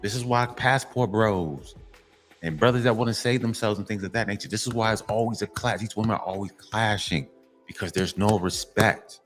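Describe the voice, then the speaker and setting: A man's voice: fairly low pitch, moderate pace, a bit bright, faint music behind. A man hosting his own commentary channel, giving a blunt, profane monologue to men and repeating his points for emphasis. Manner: emphatic and repetitive, lecturing.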